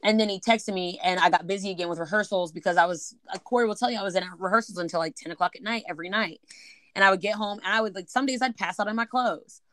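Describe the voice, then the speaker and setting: Animated woman telling stories on a podcast. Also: mid-range voice, fast, no echo. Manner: animated, swears freely, acts out the other people in her stories. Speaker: podcast co-host. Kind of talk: casual storytelling chat.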